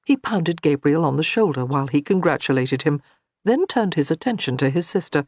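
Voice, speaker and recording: A narrator reading a historical romance audiobook in a steady, measured way. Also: medium pitch, dry recording, clean studio sound. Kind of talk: scripted narration.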